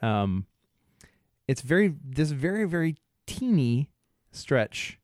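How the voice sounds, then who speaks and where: A man co-hosting a podcast, telling a rambling story in casual chat, halting often, laughing, and imitating bystanders' voices. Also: a little high, very animated, darkish tone, dry recording, studio quality. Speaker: podcast co-host.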